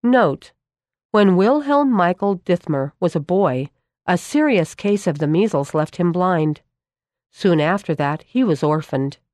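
A woman narrates a storybook aloud in a calm, measured way. Her voice is on the low side, and the recording is close and dry with no room echo.

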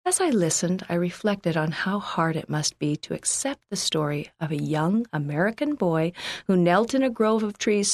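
A woman from Canada reading a first-person church magazine article aloud in a calm, earnest, scripted narration. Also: fairly low pitch, dry recording, studio quality.

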